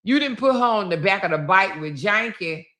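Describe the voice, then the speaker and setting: Woman, live-stream host, bright tone, sassy, teasing, laughing, casual commentary. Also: medium pitch, expressive, normal speed.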